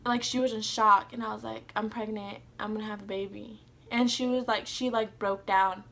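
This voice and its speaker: A woman's voice: medium pitch, steady tone, moderate pace, creaky, a bit bright. A young woman telling a personal story in a casual vlog, rambling and filling her sentences with "like". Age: young adult. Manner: rambling, heavy use of "like", casual swearing. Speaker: vlogger.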